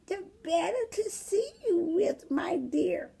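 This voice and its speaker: A woman's voice: extremely high pitch, lively intonation, slow pace, warm tone, voice pushed up, exaggerated voice. A woman doing a scratchy sick granny voice. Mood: sickly. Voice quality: scratchy, creaky. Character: wolf disguised as a sick old grandmother.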